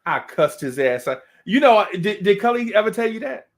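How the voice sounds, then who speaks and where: A man's voice: high-pitched, very animated, normal speed. A man hosting a casual chat, rambling and slangy, with lots of restarts. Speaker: host.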